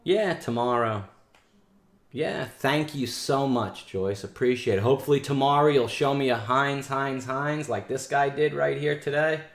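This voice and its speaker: Reviewing trades and scolding in blunt, slangy talk, a man runs a live day trading stream from a room with echo. He sounds medium in pitch and takes his time.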